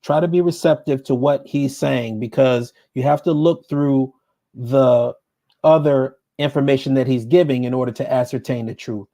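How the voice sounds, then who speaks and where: A man's voice: medium pitch, normal speed, mellow. A man hosting a podcast, giving emphatic commentary and repeating points for stress while reading sources aloud. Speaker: podcast host.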